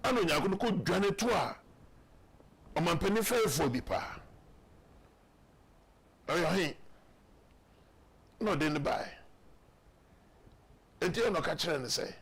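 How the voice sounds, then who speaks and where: A man's voice: high voice, lively intonation, a little slow, creaky, long pauses, fairly bright tone, slightly rough. A man with a Ghanaian accent, talking emphatically in a political talk show discussion. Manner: emphatic, mixing Twi and English, acts out quotes.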